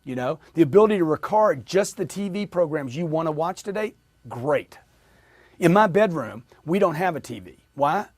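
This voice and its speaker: Man, sales trainer, motivational, emphatic, fairly high voice, dry close sound. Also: moderate pace, no echo. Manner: energetic, emphatic, drills audience with repetition.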